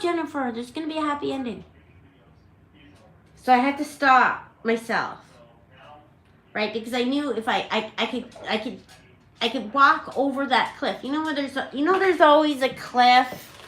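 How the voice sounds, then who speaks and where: She has a high-pitched, slightly bright voice and a measured pace. As host of a parrot rescue channel, this middle-aged woman tells a casual story to camera indoors at home, dramatic and emotional, rambling and restarting often, with the room's echo audible.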